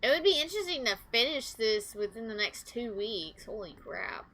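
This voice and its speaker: A woman's voice: a little high, big pitch swings, normal speed, a bit bright, poor audio. A young woman streaming a video game, rambling through casual commentary and anecdotes and swearing freely.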